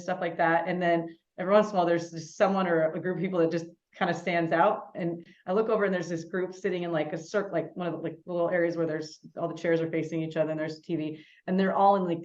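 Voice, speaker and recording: A woman co-hosting a podcast, an animated storyteller in casual chat. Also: lowish voice, dull audio. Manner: animated storyteller, quick and chatty. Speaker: podcast co-host.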